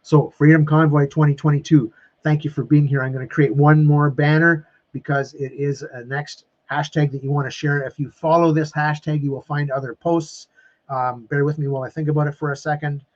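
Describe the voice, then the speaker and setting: A man's voice: fairly high pitch, little pitch movement, a little fast, muffled recording. A man coaching viewers on a live stream, emphatic and emotional, repeating phrases and calling them his friends. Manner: openly emotional and effusive.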